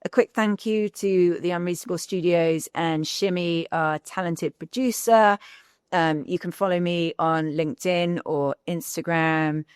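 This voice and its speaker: Smooth-voiced woman podcast host. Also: on the low side, fairly even intonation, unhurried, no room sound, studio quality. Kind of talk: interview hosting.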